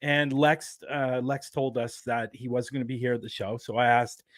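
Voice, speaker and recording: A man's voice: medium pitch, flat delivery, moderate pace, no room sound, studio quality. A man hosting a podcast in casual chat, loose and chatty, often laughing. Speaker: podcast host.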